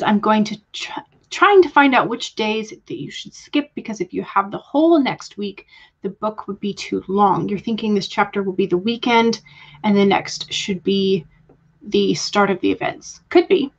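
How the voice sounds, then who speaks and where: A woman's voice: mid-range voice, highs cut off. A young woman from Georgia with a Southern accent, chatting casually with viewers on a livestream, greeting them by name and laughing often. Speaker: livestream host.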